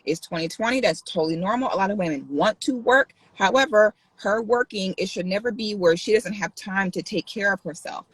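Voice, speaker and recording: A woman talking in a casual livestream vlog, animated and sassy. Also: mid-range voice, a little fast, hardly any pauses, slightly rough, no echo, rough recording. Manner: animated, sassy, exaggerated outbursts. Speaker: vlogger.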